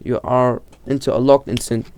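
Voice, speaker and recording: A man's voice: mid-range voice, little pitch movement, normal speed, darkish tone. A man casually explaining horror lore, often stumbling, restarting and correcting himself, with lots of fillers. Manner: informal, filler-heavy delivery.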